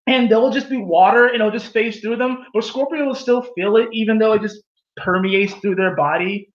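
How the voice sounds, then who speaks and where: A man giving a casual tarot reading, animated and laughing at his own jokes. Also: high voice, brisk. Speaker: tarot reader. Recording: echoey room, dull lo-fi sound.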